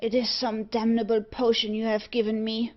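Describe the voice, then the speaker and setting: A woman voicing a bitter, frightened young gentleman, delivering his lines slowly and tensely. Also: a little high, level tone, lightly acted. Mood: agitated. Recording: dull lo-fi audiobook recording.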